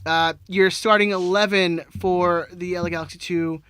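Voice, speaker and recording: A man with a high, bright voice co-hosts a casual podcast. He jokes, laughs easily and runs through a soccer lineup. The sound is dry and close. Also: fairly even intonation, moderate pace, smooth, dry recording. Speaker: podcast co-host. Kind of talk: casual chat and soccer recap.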